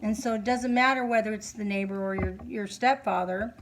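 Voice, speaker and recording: A middle-aged woman talking to camera at home as a psychic reader, earnest and halting, sleepy and yawning. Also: mid-range voice, fairly even intonation, background noise. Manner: earnest, halting, many fillers. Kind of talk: casual monologue to camera. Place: home, candles lit.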